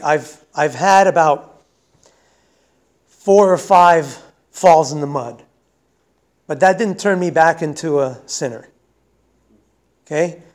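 A man teaching a Bible lesson in a sermon style, talking fast and conversationally and often checking in with the audience. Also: high-pitched.

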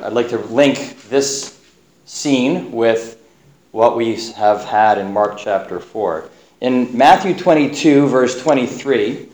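A man's voice: mid-range voice, a little mellow. Man preaching a sermon in a roomy chapel. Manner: measured Bible exposition with scripture readings.

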